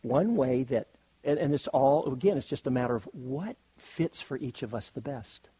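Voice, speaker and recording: Husky-voiced man giving a meditation talk. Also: mid-range voice, normal speed, warm tone, dry recording, low-quality recording. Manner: thoughtful, searching, rephrases as he goes. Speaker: meditation teacher. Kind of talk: retreat dharma talk.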